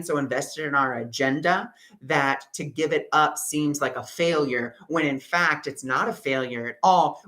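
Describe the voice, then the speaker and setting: Man hosting a spiritual workshop, bright and forward-toned, telling his story with lively, emphatic flair. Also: fairly high pitch, poor audio. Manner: animated storytelling, acting out his own past outbursts. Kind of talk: workshop teaching through personal story.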